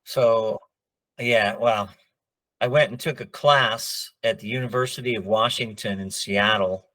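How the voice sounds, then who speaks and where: Unhurried and lowish-voiced, this middle-aged man is a voice actor guesting in a relaxed interview. His storytelling is animated, and he performs the dialogue of the people he quotes.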